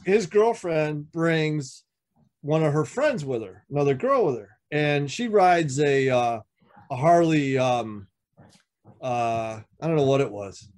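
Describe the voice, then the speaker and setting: A man, a veteran motorcycle club member on a podcast, telling stories casually, swearing often and acting out what others said. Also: darkish tone. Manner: profane, acts out quoted dialogue with shifting pitch. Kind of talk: casual storytelling.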